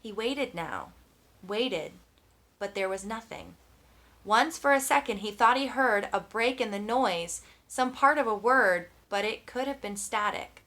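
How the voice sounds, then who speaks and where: Bright-voiced woman narrating tensely. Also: mid-range voice, unhurried. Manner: tense, dramatic storytelling. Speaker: audiobook narrator. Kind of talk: scripted narration.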